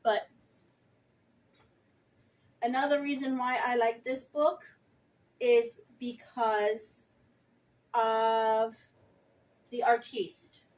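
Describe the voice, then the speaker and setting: A woman's voice: a little high, level tone, drawn-out words, long pauses, a little mellow, far from the mic, rough recording. A woman vlogger speaking passionately and emphatically, addressing her viewers directly. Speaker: vlogger reviewing a book. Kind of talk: earnest direct-to-camera talk.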